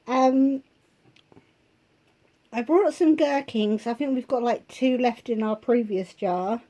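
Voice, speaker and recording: Hoarse woman vlogger with a cold, warm and a bit high, chatty and casual as she reads out prices. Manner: chatty, listing prices, pausing to think. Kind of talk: casual shopping haul chat. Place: at home.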